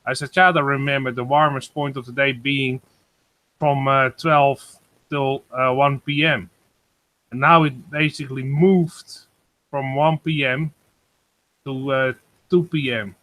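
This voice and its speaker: A man on a group video call, talking about the weather at his home, hesitant and full of pauses. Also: mid-range voice, steady tone, bright, forceful tone. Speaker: guest giving a weather report. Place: home in Germany.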